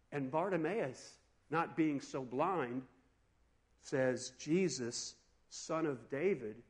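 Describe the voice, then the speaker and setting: A man preaching a sermon in an animated, conversational way, asking his listeners questions. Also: on the high side. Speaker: pastor.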